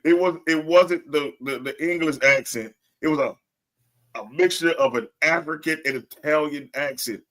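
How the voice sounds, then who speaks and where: Speaking at normal speed in a voice on the high side, this wrestling podcast co-host keeps things casual. Frequent laughter and lively storytelling mark his delivery.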